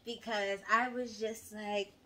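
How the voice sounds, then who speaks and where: Bright, animated young woman storyteller. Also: mid-range voice, slow pace. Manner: animated and dramatic, acts out her own quotes. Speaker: vlogger telling a story. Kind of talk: casual storytime chat.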